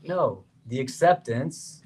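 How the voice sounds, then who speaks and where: A man, an imam, gives a religious lecture to a seated audience in a prayer hall, talking conversationally, often checking in with questions and rising sharply in pitch when he presses a point. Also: lively intonation, takes it slowly, darkish tone, breathy edge. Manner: voice rises sharply on emphatic questions.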